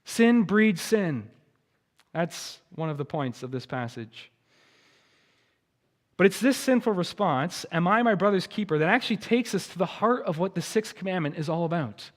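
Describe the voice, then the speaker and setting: A male pastor preaching a sermon, shifting from quiet explanation to loud emphatic warnings and speaking at times to the children. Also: high voice, lively intonation, normal speed, in a large hall. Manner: addresses children in the congregation. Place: church sanctuary.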